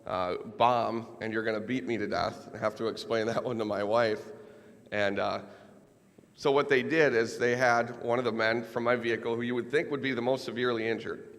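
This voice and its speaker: A keynote speaker from Minnesota tells a personal story with wry, self-deprecating humor in a large event hall, his lowish, slightly bright voice trailing a long hall reverb.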